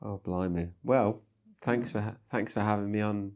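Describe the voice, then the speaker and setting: Low-voiced hesitant male guest. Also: fairly even intonation, normal speed, a little mellow. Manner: hesitant, self-deprecating, many fillers and restarts. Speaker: guest, film director. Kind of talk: casual interview chat.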